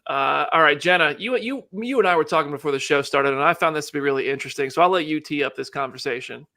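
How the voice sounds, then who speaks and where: A bright-voiced man hosts a live show in loose, joking chat. His pitch sits a little high, and he rambles with frequent restarts. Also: fast talker. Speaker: host.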